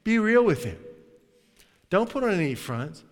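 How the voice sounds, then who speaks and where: A man preaching in a conversational, animated way, sometimes dropping to a hushed tone. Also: high-pitched, unhurried, pauses often. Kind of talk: sermon. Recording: long hall reverb.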